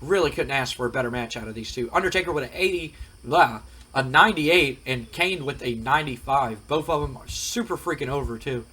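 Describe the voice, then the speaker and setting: A man's voice: medium pitch, a little fast, sharp tone, husky. A man hosting a casual gaming commentary, chatty and rambling with frequent fillers. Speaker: host.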